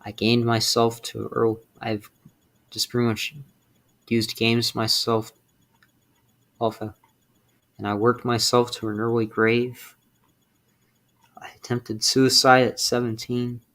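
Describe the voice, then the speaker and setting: A young man speaking in a halting, emotional personal confession, close to tears and swearing in frustration. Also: mid-range voice, completely flat delivery, a bit bright. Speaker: streamer.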